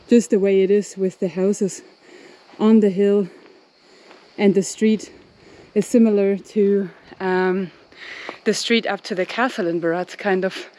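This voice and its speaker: A woman travel vlogger, out of breath, chatting casually with lots of fillers while walking through ruins outdoors on a hot day. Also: medium pitch. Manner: chatty, rambling with many fillers. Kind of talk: casual walking vlog chat.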